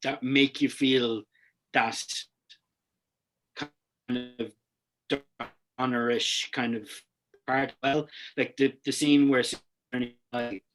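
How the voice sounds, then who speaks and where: A man's voice: mid-range voice, flat delivery, takes it slowly, long pauses, a bit bright. A man co-hosting a casual film podcast over a video call, rambling with many fillers and restarts. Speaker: podcast co-host.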